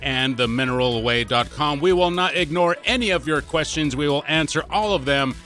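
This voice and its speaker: A man's voice: on the high side, moderate pace, pushed and bright, soft background music. A man co-hosting a casual podcast, joking with his partner and reading out contact details. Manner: jokey, reads out contact details. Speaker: podcast co-host.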